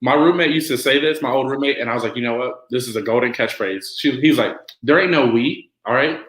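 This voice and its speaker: A man's voice: medium pitch, quick pace, fairly bright tone, echoey room, rough recording. A man guesting on a podcast in casual chat, an easygoing storyteller who acts out quotes.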